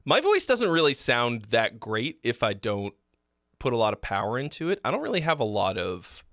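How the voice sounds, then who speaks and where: A man hosting a live song-feedback stream, speaking bluntly with many fillers and frequent throat clearing. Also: medium pitch, wildly swooping pitch, moderate pace, fairly bright tone, no room sound, studio quality. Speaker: host giving song feedback. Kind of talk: casual live critique.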